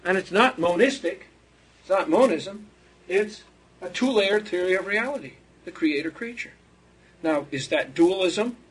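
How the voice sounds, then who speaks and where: A man's voice: high-pitched, animated, measured pace, breathy edge. A man giving an unscripted theology lecture, rambling and digressive, chuckling at his own asides.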